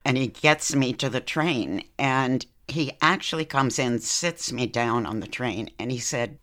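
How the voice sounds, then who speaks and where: An older woman, a podcast guest, recounting a personal story in a lively conversational way, laughing now and then. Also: very deep voice, measured pace.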